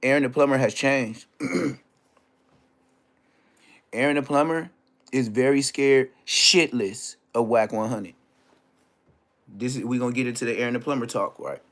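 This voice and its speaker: A man's voice: medium pitch, unhurried, long pauses. Middle-aged man telling a street story. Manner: animated street slang, repeats phrases for emphasis. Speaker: storyteller recounting street drama. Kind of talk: casual storytelling rant.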